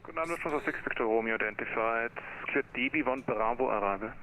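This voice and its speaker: A man acting as air traffic controller, giving clipped, brisk radio calls in standard aviation phraseology. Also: mid-range voice, a crowd in the background, rough recording.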